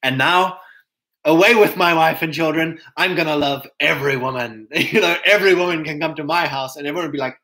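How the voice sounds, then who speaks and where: Animated South African man, fairly high voice. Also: a little fast, low-quality recording. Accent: South African English. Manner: animated, mocking asides in put-on voices, frequent laughs and fillers. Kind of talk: casual monologue.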